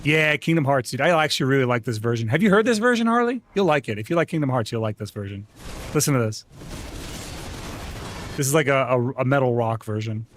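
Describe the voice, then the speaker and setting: A man hosts a relaxed gaming stream, talking in a loose, rambling way full of restarts. His voice sits at an average pitch. A faint hiss runs under the recording. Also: fast talker. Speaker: streamer host. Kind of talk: casual gaming stream chat.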